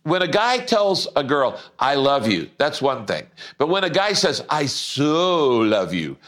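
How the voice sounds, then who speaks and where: A man preaching a Christmas morning sermon as a pastor, slowing down and stressing key words for emphasis. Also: on the high side, sing-song, fairly bright tone. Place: church.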